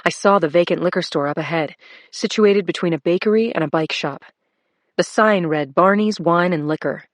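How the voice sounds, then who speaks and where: A woman narrating a crime thriller audiobook in first person, steady and measured. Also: fairly low pitch, dry recording, studio quality.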